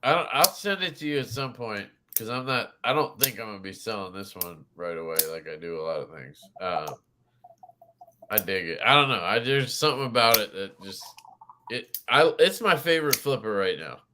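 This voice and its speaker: A man's voice: lowish voice, lively intonation, moderate pace, bright, forceful tone, a little hiss or hum. A man hosting a casual livestream chat, rambling and swearing freely while he laughs. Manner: profane, rambling, laughs often. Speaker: podcast host.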